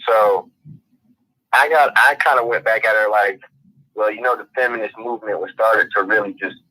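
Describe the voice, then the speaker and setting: A man's voice: fairly low pitch, moderate pace, sharp tone. A man from Florida calls in with a question and tells a long, rambling, casual story. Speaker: caller. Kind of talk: phone-in question. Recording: tinny phone line.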